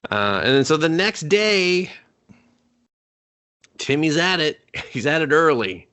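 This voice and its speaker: A man's voice: fairly high pitch, sing-song, takes it slowly, bright, forceful tone, clean tone. A man co-hosting a casual movie review podcast, laughing often and acting out characters in crude mock voices. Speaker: podcast co-host.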